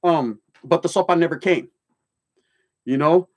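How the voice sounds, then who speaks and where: Streetwise man, high voice. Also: a little slow. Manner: streetwise slang mixed with Spanish words, heavy swearing; blunt, storytelling, joking then serious. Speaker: livestream host. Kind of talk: casual livestream chat, reading comments aloud.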